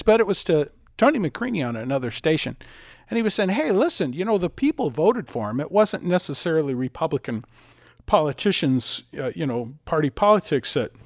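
A man's voice: on the high side, dry recording, studio quality. A middle-aged man hosting a talk radio show, telling stories and acting out the voices in them. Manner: animated, acts out voices in anecdotes. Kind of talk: talk radio monologue with storytelling.

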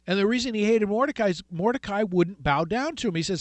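A man hosting a call-in radio talk show, retelling a story with animated delivery and acted-out voices. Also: sits high, fast talker, hardly any pauses, no room sound.

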